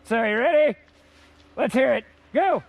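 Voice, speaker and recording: A male science teacher giving a playful, energetic hands-on lesson outdoors in the snow, repeating key words. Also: very high voice, normal speed, gravelly, background noise.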